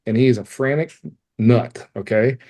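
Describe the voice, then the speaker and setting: A man with a mid-range, dark voice speaks at a measured pace, telling a podcast host a painful personal story. Candid and emotional, he swears freely and laughs wryly through what was hard.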